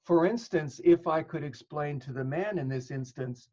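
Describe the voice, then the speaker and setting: A man's voice: a little high, normal speed, mellow. Man explaining in dull lo-fi audio. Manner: thoughtful, explains with examples and plays out dialogue. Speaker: psychotherapist guest. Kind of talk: explanatory interview talk.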